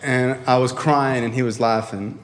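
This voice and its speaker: A man's voice: mid-range voice, moderate pace, a little hiss or hum. A young man speaking to a convention crowd about his recovery, telling stories animatedly and swearing often. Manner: animated, acts out quoted voices, frequent swearing. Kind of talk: storytelling speech at a convention. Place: convention hall before a crowd.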